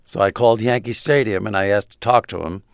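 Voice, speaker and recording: Man, interview guest, gravelly, low-pitched, halting anecdotes, dry studio. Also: steady tone, no room sound. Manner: halting storyteller, laughs between lines. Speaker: guest, comedy writer and actor.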